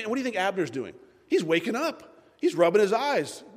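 Animated preacher in a reverberant hall. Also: male voice, high-pitched, fairly quick, breathy edge. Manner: animated retelling, exhorting. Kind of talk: sermon.

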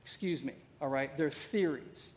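Middle-aged pastor guy, high voice, sermon w lots of questions and "okay?"s, big echoey church. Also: normal speed, darkish tone. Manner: conversational preacher, rhetorical questions, frequent "okay?" check-ins. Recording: long reverb of a large hall.

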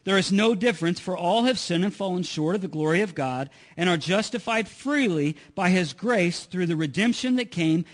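A man's voice: sits high, fairly bright tone. A middle-aged man preaching a sermon in a conversational way, often repeating words as he restarts. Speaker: pastor.

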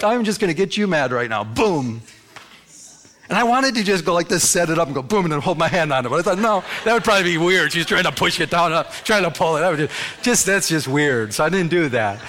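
Animated man preaching a sermon. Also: high voice, a little fast. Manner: animated storytelling, acting out scenes with sound effects. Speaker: pastor.

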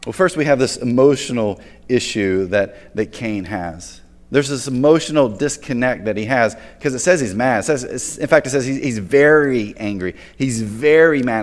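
A man preaching a sermon as a pastor, talking casually and conversationally and often restarting words. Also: mid-range voice. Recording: long hall reverb.

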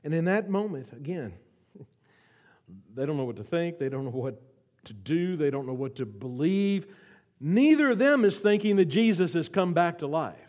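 A man delivering a sermon as a guest pastor, swinging from loud pleas to hushed whispers and asking the congregation to repeat lines. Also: on the high side, big pitch swings, normal speed. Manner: asks the audience to repeat lines.

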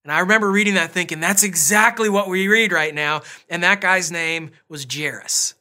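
A man's voice: high voice, moderate pace, pushed and bright. A man pastor preaching a casual, conversational sermon, telling family stories with self-deprecating asides.

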